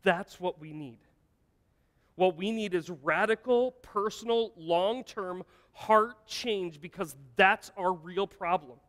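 An American pastor preaches a sermon in a church sanctuary, earnest and emphatic, posing rhetorical questions to the congregation. His voice sits high, slow and a bit bright, with long church-hall reverb.

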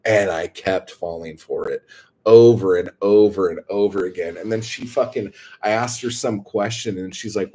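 Husky low-voiced man, rambling and profane. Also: normal speed, mellow. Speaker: streamer. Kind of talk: casual chat to viewers.

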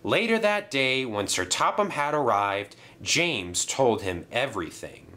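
A man narrating a children's train story in a lively storybook style. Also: mid-range voice, unhurried.

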